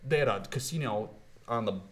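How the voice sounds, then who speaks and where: A man's voice: mid-range voice, a little fast. A young man working as a sports videographer, talking in an upbeat, rambling way in a casual interview. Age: young adult. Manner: rambling, upbeat, full of "I mean" and "you know".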